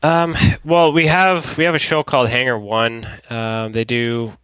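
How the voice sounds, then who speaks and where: Guest, man from Canada, low and flat, smooth dry tone, halting delivery. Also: dry recording, rough recording. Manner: halting, many ums and restarts. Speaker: guest UFO investigator. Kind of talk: phone-in interview.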